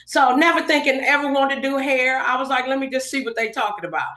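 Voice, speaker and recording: Speaking high and at a quick clip, this middle-aged woman from Los Angeles is a guest on a podcast, spinning a casual story. She acts out the dialogue of each person involved, and the room around her sounds spacious and echoey.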